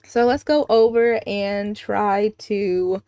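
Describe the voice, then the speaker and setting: A woman's voice: medium pitch, fairly even intonation, slow pace, warm tone, clean tone, no echo. A young woman giving casual, chatty commentary over a life-simulation game, with sudden gasps and giggles. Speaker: gaming video creator.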